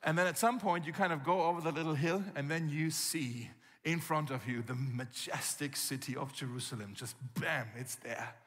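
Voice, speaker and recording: A man preaching a sermon as pastor, telling the story vividly and acting out scenes with gasps and shouts. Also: fairly high pitch, moderate pace. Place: church hall. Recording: long reverb from a church hall.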